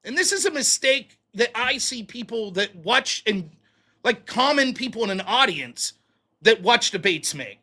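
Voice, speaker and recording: A man hosting a livestream, telling stories in an animated, profane way. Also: very high voice, unhurried. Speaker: livestream host. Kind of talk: casual livestream commentary.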